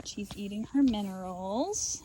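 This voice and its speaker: A woman sheep farmer filming a casual vlog outdoors in her pen on a handheld camera, chatting and coaxing her animals in a high sing-song. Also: expressive, measured pace, warm tone, slight background noise. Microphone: handheld camera while working.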